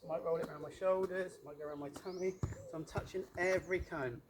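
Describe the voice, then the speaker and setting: Upbeat PE coach instructing kids. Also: male voice, a little high, fairly even intonation, quick pace, background noise. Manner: encouraging, instructive, playful. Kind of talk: coaching children in a game. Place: outdoor pitch with cones.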